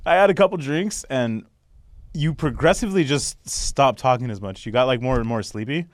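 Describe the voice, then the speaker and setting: This podcast co-host chats casually, laughing often as he tells stories and acts out other people's lines. He speaks at a medium pitch and moderate pace. The recording is studio quality with no room sound.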